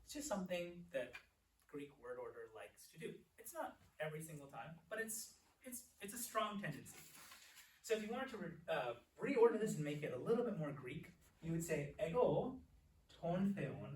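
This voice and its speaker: Lively young man teaching in an echoey room. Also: a little high. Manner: explains patiently, repeats words slowly. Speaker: Greek teacher. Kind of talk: classroom lecture. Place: church classroom. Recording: echoey room, distant mic, faint hiss.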